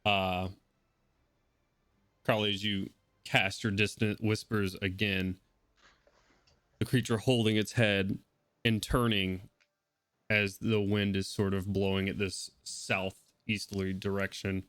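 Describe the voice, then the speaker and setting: A man narrating as game master of a tabletop role-playing game, brisk and descriptive. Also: on the low side, level tone, fairly bright tone, smooth, no echo.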